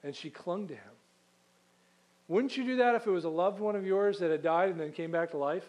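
A man's voice: sits high, brisk, a little mellow. Man preaching in a conversational tone. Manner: conversational preaching with restarts and rhetorical questions. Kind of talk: sermon.

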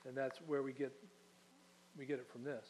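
A man's voice: medium pitch, little pitch movement, normal speed, a little mellow, a little hiss or hum, poor audio. A man preaching a sermon as pastor, teaching in a conversational way and putting questions to his congregation.

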